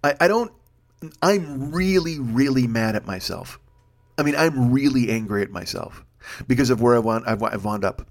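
A man's voice: medium pitch, expressive, normal speed, vocal fry. A man of fifty ranting in a solo monologue, rambling and self-deprecating, swearing often. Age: 50s. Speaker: podcast host. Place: home, recording late at night.

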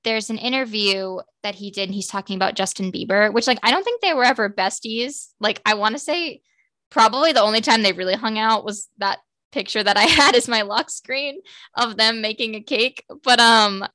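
A woman's voice: on the high side, bright, forceful tone. A young woman in her twenties chatting casually as a podcast co-host, gushing and full of "like" fillers. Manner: fan-girly, quick, lots of "like" fillers. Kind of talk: casual chat.

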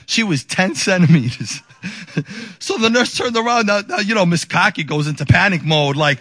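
Man in his 40s, pastor, high bright voice, animated storyteller. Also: normal speed, no room sound. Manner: animated, acts out quotes in a raised voice, laughs often. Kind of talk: storytelling sermon.

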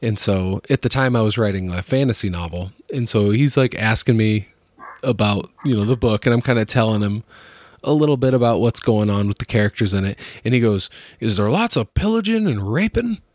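A man telling stories in casual chat, animated, laughing and swearing often. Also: lowish voice, brisk, no room sound.

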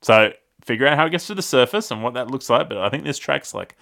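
A man's voice: medium pitch, lively intonation, quick pace, creaky, pushed and bright. A man with an Australian accent co-hosting a podcast, chatting casually, laughing often and stumbling over words. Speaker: podcast co-host.

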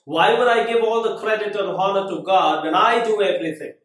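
A preacher voicing a desperate, shouting cliff-hanger. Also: male voice, high voice, a little fast, recorded from a distance, voice pushed up. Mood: scornful. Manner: raised, strained and shouting. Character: proud desperate man hanging from a cliff. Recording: very echoey room.

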